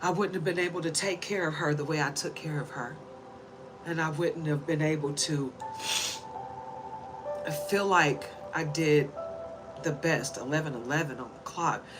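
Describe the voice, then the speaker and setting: Woman, casual heartfelt monologue, rambling and earnest, lowish voice, clear background music. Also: moderate pace, long pauses, poor audio. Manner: rambling, earnest, often asks "you know?". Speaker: spiritual reader.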